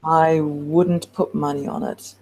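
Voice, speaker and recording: Low-voiced woman playing a tabletop game. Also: little pitch movement, slow, gravelly, a little mellow. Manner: casual, chatty. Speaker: player. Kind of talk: casual tabletop game play.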